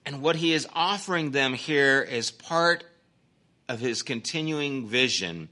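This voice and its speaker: A man's voice: medium pitch, lively intonation, unhurried, sharp tone. A man preaching a sermon as a pastor, earnest and emphatic, with conversational asides. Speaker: pastor teaching a Bible study series.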